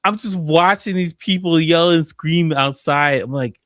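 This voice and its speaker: A man's voice: fairly high pitch, a little slow, a bit bright, no echo, clean studio sound. A man who is a DJ and producer, chatting casually on a podcast, laughing often and acting out his own past thoughts as quotes.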